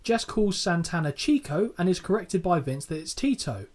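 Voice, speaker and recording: A man recapping wrestling on a podcast, his voice sitting a touch high for a man. He talks casually and swears freely. He laughs easily at his own crude jokes. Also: sing-song, moderate pace, a little mellow. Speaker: podcast co-host.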